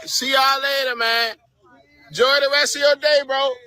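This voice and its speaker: A man's voice: very high voice, fairly even intonation, normal speed, sharp tone, low-quality recording. A man filming on a city street with a phone, taunting and mocking people repetitively.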